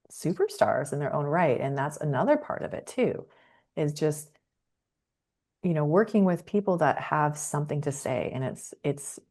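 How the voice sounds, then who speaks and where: A middle-aged woman speaking as a guest on a podcast. She talks casually, with enthusiasm and frequent laughter. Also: low voice. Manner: enthusiastic and expressive, laughs easily. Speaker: podcast guest, creative professional.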